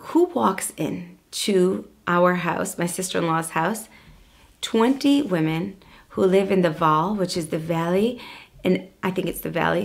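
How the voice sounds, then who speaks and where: A woman educator telling a personal story in an expressive way, her voice swinging from lively to hushed. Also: lowish voice. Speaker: Jewish educator and coach.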